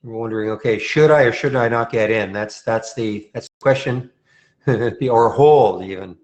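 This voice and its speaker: A man's voice: mid-range voice, normal speed, darkish tone, dull audio. A man hosting a live trading room, commenting on stock charts in a casual, thinking-aloud way with frequent restarts.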